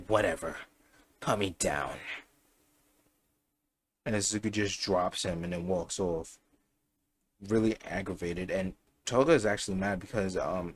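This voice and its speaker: A young man casually improvising a fan story aloud, rambling and correcting himself as he goes. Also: sits low. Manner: rambling, self-correcting, chatty.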